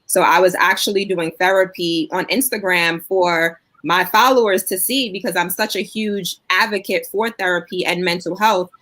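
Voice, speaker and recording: A woman's voice: fairly low pitch, fairly even intonation, normal speed, few pauses, fairly bright tone. A woman on a panel who speaks earnestly and openly. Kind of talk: panel discussion.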